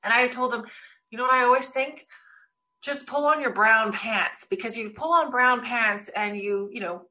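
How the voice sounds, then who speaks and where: A woman guest in a casual interview, telling lively stories and acting out what people said. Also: fairly high pitch, moderate pace. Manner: lively storyteller, acts out quotes. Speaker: podcast guest.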